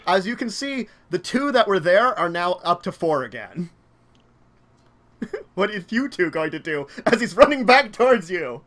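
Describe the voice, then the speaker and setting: A man's voice: sits high, very animated, moderate pace, a bit bright. A man running a tabletop game as game master, narrating with many fillers and hesitations. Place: home room, online stream.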